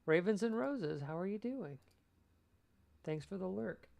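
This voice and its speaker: A man's voice: high voice, animated, a little slow, creaky, darkish tone. A man streaming his screenwriting work in casual chat, reading out viewers' messages and answering them thoughtfully. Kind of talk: casual livestream chat while writing.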